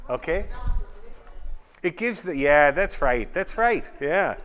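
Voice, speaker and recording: Lively fiddle teacher. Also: male voice, fairly high pitch, slow pace, faint music behind. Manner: encouraging, explains and demonstrates. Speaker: fiddle orchestra leader. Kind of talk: music rehearsal instruction. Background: fiddles playing.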